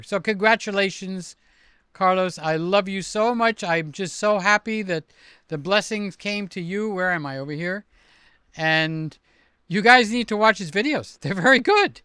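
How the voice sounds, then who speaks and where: An older man hosting a casual livestream, chatty and excitable as he reads out comments and gives shout-outs. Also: high voice, clean tone, no echo, studio quality. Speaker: livestream host.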